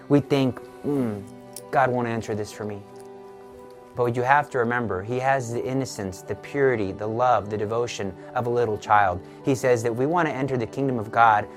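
Earnest man telling a devotional story. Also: mid-range voice. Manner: earnest, with rhetorical questions and rising emphasis. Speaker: Catholic speaker.

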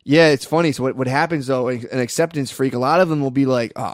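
A man in casual podcast chat, telling animated stories full of swearing. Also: medium pitch, fast talker, hardly any pauses, no room sound, studio quality.

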